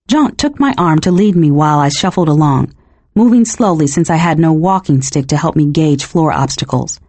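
A woman reading a novel aloud as first-person narration, measured and expressive. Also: low voice, no echo. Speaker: audiobook narrator.

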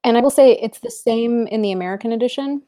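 A young woman in casual discussion, chatty and quick, explaining her points with examples and asides. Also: fairly high pitch, dark tone. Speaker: podcast co-host.

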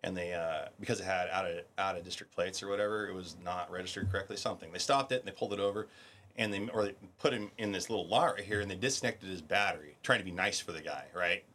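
He talks fast in a low-pitched voice, with a bit of background noise. A middle-aged military veteran on a podcast, he tells war stories casually, swears without restraint and animatedly impersonates the people he quotes.

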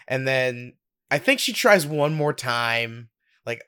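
A young man co-hosting a podcast, telling a story in a casual, giggly, animated way. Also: medium pitch, unhurried, clear, resonant tone. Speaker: podcast co-host.

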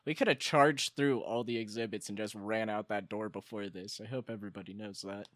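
A man's voice: on the low side, steady tone, brisk, fairly bright tone, dry recording, clean studio sound. A man in a comedic improv role-play who rambles through stories and swears.

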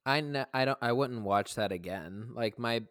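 Man, podcast co-host, deadpan, filler-heavy casual talk, dry close sound. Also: mid-range voice, moderate pace, clean tone, no room sound. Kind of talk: casual chat.

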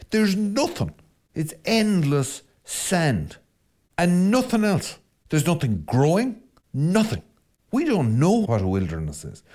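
A middle-aged Irish priest giving a podcast talk, chatty and coaxing as he teases his listeners along. His voice sits at an ordinary pitch, but it rises and falls a great deal, leaping high when he pushes a point. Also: a little mellow. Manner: conversational, teasing and exhorting.

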